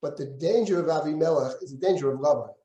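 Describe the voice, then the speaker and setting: A man's voice: quick pace, warm tone, dull audio. A man teaching a Bible class as a rabbi, reading verses aloud, translating them and acting out the speakers. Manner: reads Hebrew verses aloud, then translates and comments; acts out quoted speakers with shifts in pitch. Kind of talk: lecture with close text reading. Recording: echoey room.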